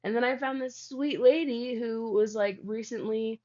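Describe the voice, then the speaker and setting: A young woman with a slightly high, warm voice speaks at a moderate pace with fairly even intonation. She's a guest on an interview show and the founder of a healing practice, telling a personal story in a loose, rambling way packed with "like." The audio is dull and lo-fi.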